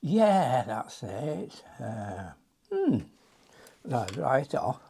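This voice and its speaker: Gravelly older man teaching watercolour. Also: mid-range voice, very animated, extremely slow, warm tone. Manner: chatty, mutters to himself while painting. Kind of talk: casual painting demonstration.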